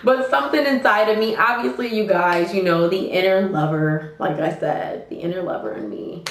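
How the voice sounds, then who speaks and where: A young woman tells a wild story to her viewers in a lively, expressive voice that swings up and down in pitch. She swears freely and speaks casually and directly, in a roomy, echoey space. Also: moderate pace. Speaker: vlogger. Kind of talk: storytime vlog, casual retelling. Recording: roomy echo.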